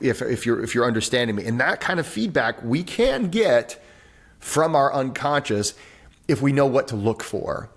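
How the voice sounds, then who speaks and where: A man, a breathwork teacher and author, talks as a podcast guest over a video call. He explains things with animated energy, acts out little voices and often restarts his sentences. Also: mid-range voice. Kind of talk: conversational interview on a podcast.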